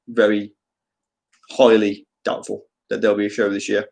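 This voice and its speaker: A man's voice: medium pitch, darkish tone, poor audio. Chatty Birmingham-accented man streaming. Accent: Birmingham English. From England. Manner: chatty, rambling, joking, many ums. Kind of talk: casual live-stream chat.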